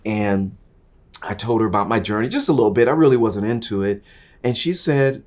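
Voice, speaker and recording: A middle-aged man telling his career story in an interview, acting out the people in it and swinging from quiet asides to loud, excited bursts. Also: brisk. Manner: animated, acts out dialogue, swings from low asides to loud bursts. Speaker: interview guest.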